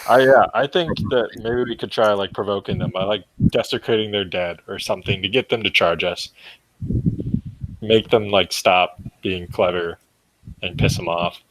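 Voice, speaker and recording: A man's voice: lowish voice, normal speed, poor audio. A man playing a tabletop game, talking casually as he plans his character's moves aloud. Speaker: player.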